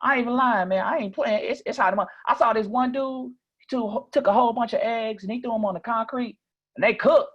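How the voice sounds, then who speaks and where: Night Cow, squeaky Mississippi guy. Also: quick pace, lo-fi sound. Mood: excited. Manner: chatty, excited, exaggerated. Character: excitable high-voiced Southern young man.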